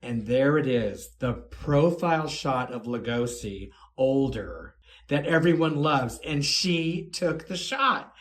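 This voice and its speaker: A man telling a podcast anecdote in an excitable, gushing way, with many fillers. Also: mid-range voice, slow. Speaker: storyteller guest.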